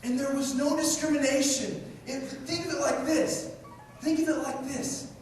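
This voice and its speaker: Impassioned preacher, high voice, echoing hall. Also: male voice, steady tone, moderate pace, soft background music. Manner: impassioned, repeats phrases, swings from loud to hushed. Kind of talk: sermon. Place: large church hall. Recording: echoey hall, mic far off, faint ambience.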